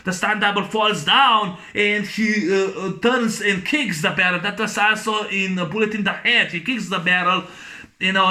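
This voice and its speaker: A man recapping an action movie in a casual, excited way, making gunshot sounds with his voice and talking haltingly with many fillers. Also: high voice. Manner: halting, full of fillers and restarts. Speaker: movie reviewer.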